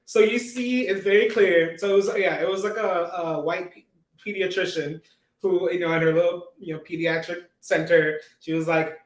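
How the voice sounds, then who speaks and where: A man's voice: high voice, normal speed, far from the mic. A male host giving casual, mocking commentary and laughing often. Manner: laughs a lot, mocking, animated. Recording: roomy echo.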